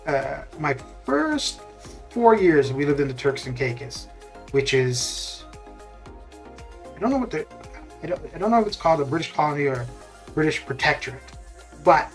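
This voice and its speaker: Rambling man, slightly high voice. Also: a bit bright. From Canada. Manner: rambling, full of fillers and restarts. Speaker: game streamer. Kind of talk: casual chat while gaming live.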